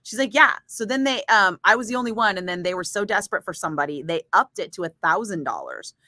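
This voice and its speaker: A woman radio DJ chatting casually with viewers, telling a story in a lively, swearing style and acting out the other people's lines. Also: mid-range voice, fast, no room sound, studio quality. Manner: chatty storyteller, swears freely, acts out voices. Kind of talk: casual chat.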